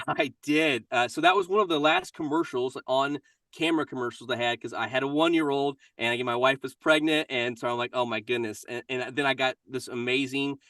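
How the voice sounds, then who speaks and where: A man in his forties with a Kentucky accent tells stories in a friendly, upbeat way. His voice is bright and forceful, and it sits a little back from the microphone in a dry, dead-sounding space. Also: mid-range voice, lively intonation, a little fast, creaky, no echo, recorded from a distance. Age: 40s. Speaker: guest voice actor. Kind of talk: casual interview chat.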